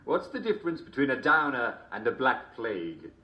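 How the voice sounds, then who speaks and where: A man's voice: mid-range voice, very animated, moderate pace, muffled recording, lightly acted. Man doing Uncle Jack, chuckling host. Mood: jovial. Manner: chuckles constantly, mock-cheerful and smarmy. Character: jovial chuckling male English TV host. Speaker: show host. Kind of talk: comedic character monologue.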